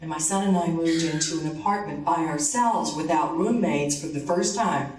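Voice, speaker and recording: A woman giving a motivational conference talk. She tells a story and acts out the dialogue, dropping her voice low for the man. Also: moderate pace, darkish tone. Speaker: conference speaker. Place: conference hall. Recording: roomy hall, distant mic.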